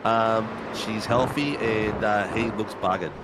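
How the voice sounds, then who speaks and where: A man's voice: lowish voice, fairly even intonation, slow pace, very noisy. A man co-commentating a sim race in a laid-back, matter-of-fact way.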